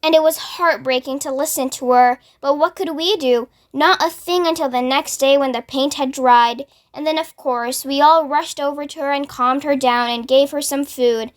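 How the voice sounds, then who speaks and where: A woman reading aloud plays a prim, dramatic spider lady. She recounts her story theatrically, in a high, light voice. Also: normal speed, few pauses, close to an everyday voice.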